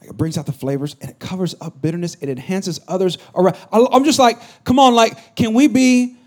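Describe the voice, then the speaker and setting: A middle-aged man giving a sermon with a fairly high voice. He talks casually and jokes with the congregation, then rises into loud, emphatic bursts. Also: a little fast. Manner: conversational, joking preacher with rising emphatic bursts. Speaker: pastor.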